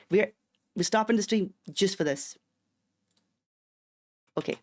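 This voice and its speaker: A man's voice: high-pitched, measured pace, pauses often, a little mellow. A Swedish-accented man from Sweden, a streamer chatting casually and playfully while he plays a game, given to rambling asides and mock-indignant outbursts. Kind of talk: casual chat while gaming.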